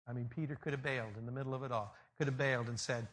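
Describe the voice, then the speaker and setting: A male pastor preaching a sermon, telling the story in an animated way and swinging between loud peaks and quiet passages. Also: medium pitch, rapid-fire, few pauses.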